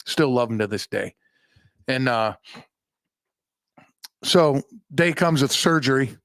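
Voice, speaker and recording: A man's voice: mid-range voice, lively intonation, slow, a bit bright, no room sound, studio quality. A man hosting a podcast, telling a personal story in a rambling, profane, self-mocking way. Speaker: podcast host. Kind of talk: casual storytelling monologue. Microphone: podcast microphone.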